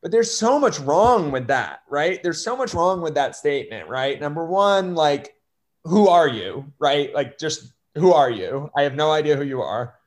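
A young man talking earnestly in an interview, with halting restarts and many fillers, at times choked up. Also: a little high, lively intonation. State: choked up with emotion. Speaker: guest. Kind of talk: conversational interview.

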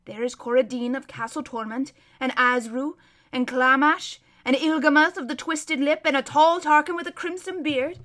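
A woman's voice: high voice, steady tone, normal speed, fairly bright tone. A woman voicing an old male hermit who describes a distant battle as a vivid, emphatic running commentary. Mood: watchful.

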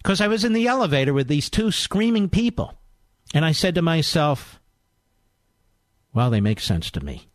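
A man's voice: a little high, very animated, normal speed, long pauses, dry recording, studio quality. Man mocking a pompous senator. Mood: smug. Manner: pompous, self-satisfied. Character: self-important male senator, smug and pompous.

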